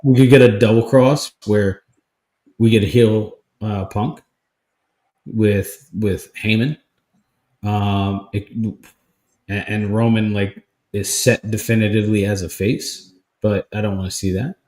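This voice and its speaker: A man's voice: lowish voice, steady tone, a little slow, darkish tone. A man co-hosting a podcast in casual, enthusiastic chat, saying dude and like. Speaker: podcast co-host. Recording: roomy echo.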